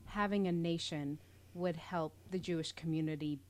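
A woman's voice: low-pitched, fairly even intonation, normal speed, a little mellow. A woman from Britain co-hosting a casual podcast, adding short clarifying remarks. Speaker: podcast co-host. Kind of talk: casual chat.

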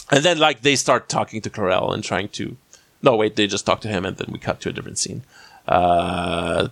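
A man's voice: fairly low pitch, a bit bright, no room sound. Rambling casual man, dry close sound. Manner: rambling, many fillers and restarts. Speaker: podcast host recapping an episode. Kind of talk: casual chat.

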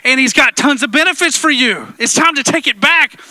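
A man's voice: lively intonation, fairly quick, pushed and bright, dry recording. A man preaching a sermon to his congregation in church, playful and joking with the room. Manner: playful, jokes with the congregation, drops into deep impressions. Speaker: pastor. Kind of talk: energetic sermon. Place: church sanctuary.

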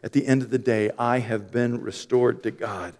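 Guy preaching on stage, gets loud and high when he's fired up then goes soft, big echoey church hall. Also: steady tone, normal speed. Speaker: pastor. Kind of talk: Easter sermon. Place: church stage with long reverb.

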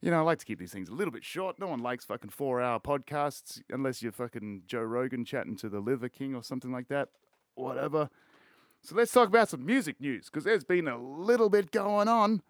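A man's voice: medium pitch, expressive, brisk, dry recording, clean studio sound. Laid-back, foul-mouthed Australian man. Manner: rambling, swears constantly, laid-back. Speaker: podcast host. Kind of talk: casual chat.

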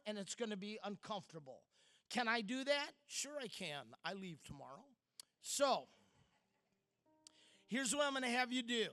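High, bright-voiced man preaching slowly. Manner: storytelling, dramatic pauses, swings from loud to hushed. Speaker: speaker. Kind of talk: sermon.

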